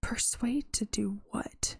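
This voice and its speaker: A woman reading the lines of a frantic young woman demanding answers on a phone call, in her own husky, gravelly voice. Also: mid-range voice, takes it slowly, no room sound, in a whisper, studio quality, exaggerated voice. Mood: urgent. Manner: urgent, harsh.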